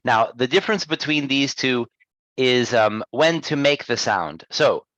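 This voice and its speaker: A man teaching pronunciation one-on-one, patiently modelling words and gently correcting his student. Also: mid-range voice, lively intonation, measured pace, no room sound, lo-fi sound. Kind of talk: one-on-one lesson.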